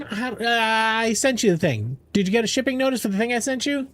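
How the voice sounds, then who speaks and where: A young man streams a game and chats casually with his viewers, playful and rambling, joking around and answering chat as he goes. His voice is high-pitched with big swings in pitch, and he speaks at a moderate pace.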